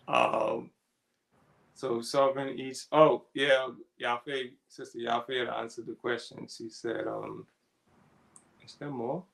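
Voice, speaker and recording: Gravelly, laid-back man with a chuckle. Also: medium pitch, slow pace, pauses often, rough recording. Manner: relaxed, laughs often, reads out chat comments. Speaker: co-host of a ministry talk. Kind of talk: casual spiritual discussion.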